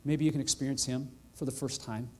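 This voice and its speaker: A male pastor preaching a sermon in a church, earnest and heartfelt, building to excited emphasis. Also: medium pitch, fairly quick. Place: church sanctuary.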